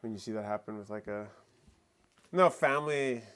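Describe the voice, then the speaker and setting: A man's voice: fairly low pitch, moderate pace, fairly bright tone, clean tone. A man co-hosting a live stream, talking casually and rambling with many fillers and restarts. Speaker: co-host of a live talk stream. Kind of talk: casual chat.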